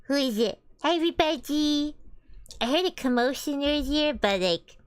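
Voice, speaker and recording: A woman's voice: high voice, lively intonation, moderate pace, no echo. A young woman joining a stream, chatting casually in a teasing, playful way. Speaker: streamer's housemate guest. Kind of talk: casual chat.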